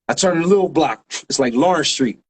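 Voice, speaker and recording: A man, a graffiti writer guest telling a story in lively street slang with sound effects. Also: fairly high pitch, brisk, breathy edge. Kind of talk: animated storytelling.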